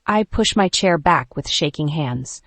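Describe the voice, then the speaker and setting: A woman narrating a first-person dark romance audiobook in a measured, tense way. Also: low-pitched, expressive, no room sound.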